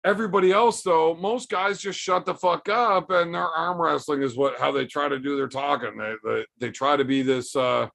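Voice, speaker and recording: A man with a gravelly, fry-laden voice pitched a little above the usual, talking casually on a livestream as he answers viewers' super chats. He rants bluntly and swears freely, building his points with repetition and tough talk. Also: moderate pace, hardly any pauses, fairly bright tone. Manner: blunt, profane, ranting. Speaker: arm wrestler hosting a livestream.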